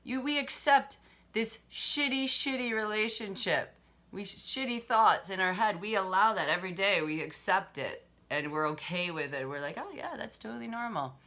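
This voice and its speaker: A woman's voice: medium pitch, normal speed, pushed and bright. A woman relationship coach giving a casual motivational talk, candid and swearing freely, laughing often as she acts out harsh inner voices.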